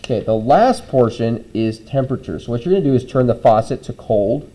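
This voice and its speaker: A middle-aged man explains a classroom lab step by step, his voice mellow and relaxed. He keeps it casual, dropping in fillers and checking in with the students as he goes. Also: medium pitch, fairly quick, rough recording. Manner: conversational, frequent "okay?" check-ins and "um" fillers. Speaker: teacher.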